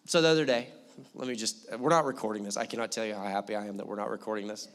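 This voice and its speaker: A young male pastor giving a sermon in a church, telling a story in an animated, joking manner. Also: on the low side, rapid-fire, in a large hall. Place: church hall.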